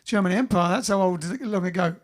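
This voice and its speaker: A man's voice: high voice, brisk. A man from England hosting a live stream, chatting casually and reading out viewer comments with jokes. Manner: chatty, jokey, reads comments aloud.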